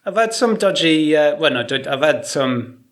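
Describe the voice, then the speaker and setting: A middle-aged man from England, a guest artist in casual chat, talking in a rambling, animated way and laughing often. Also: a little high, moderate pace.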